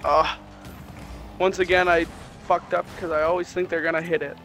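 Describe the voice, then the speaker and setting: A man talking casually with a friend while playing a video game, quick to mock his own mistakes. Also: a little high, little pitch movement, a bit bright, a little hiss or hum. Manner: self-deprecating, chatty. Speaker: teammate. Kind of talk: casual gaming chat.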